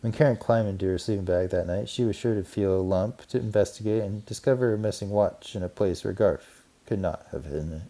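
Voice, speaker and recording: A man gently and expressively narrating a children's storybook. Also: fairly low pitch, fairly quick, hardly any pauses. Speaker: audiobook narrator.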